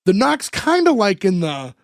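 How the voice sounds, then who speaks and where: A man's voice: high-pitched, wildly swooping pitch, normal speed, gravelly, dry recording, clean studio sound. A man co-hosting a podcast, casually retelling a sitcom episode scene by scene with fillers and small chuckles. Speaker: podcast co-host. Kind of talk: casual chat recapping an episode.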